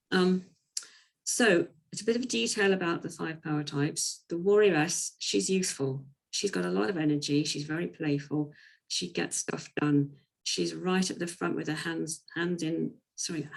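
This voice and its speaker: A woman's voice: on the low side, poor audio. A woman coach giving a chatty, informal presentation talk, with frequent ums. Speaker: women's coach.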